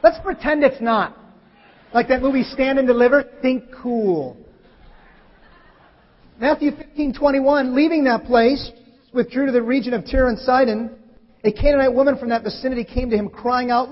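A male preacher giving a lively sermon, acting out scripture lines with sudden loud bursts. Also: very high voice, moderate pace, long pauses. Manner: animated, acts out scripture quotes with sudden loud shifts. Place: church hall. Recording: muffled hall recording.

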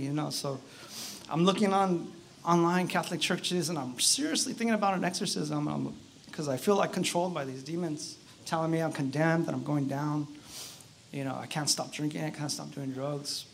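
A man giving his personal testimony at an outdoor church service, speaking in an earnest, halting way with many fillers. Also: a little high, creaky, a little hiss or hum. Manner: halting, earnest, frequent "you know" fillers.

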